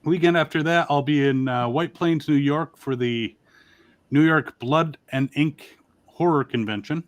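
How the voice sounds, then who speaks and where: A man's voice: fairly high pitch, measured pace. Joking man with broadcaster-style speech. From Connecticut. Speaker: toy reviewer, co-host. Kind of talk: casual livestream chat.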